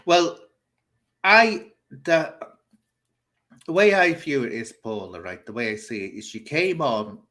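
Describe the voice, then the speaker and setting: A man's voice: mid-range voice, lively intonation, unhurried, long pauses, pushed and bright. A man hosting a casual chat show, telling an anecdote in a theatrical, chatty way and laughing as he goes. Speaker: host.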